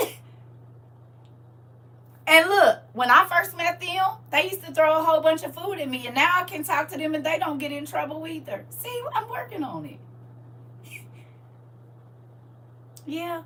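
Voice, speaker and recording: A woman hosting a casual livestream chat, talking straight to her viewers in a playful, animated way and laughing often. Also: high voice, unhurried, pauses often. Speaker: livestream host.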